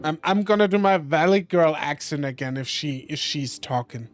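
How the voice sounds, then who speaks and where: A man's voice: fairly high pitch, moderate pace, faint music behind. A man streaming a visual novel, reading it aloud and reacting with crude joking asides.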